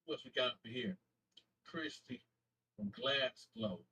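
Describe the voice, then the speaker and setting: A man from Flint, Michigan, hosting his YouTube channel, casually shouting out viewers in slangy talk and stumbling over names as he corrects himself. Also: mid-range voice, lively intonation, husky, recorded from a distance, low-quality recording. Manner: slangy, halting name reading with self-corrections.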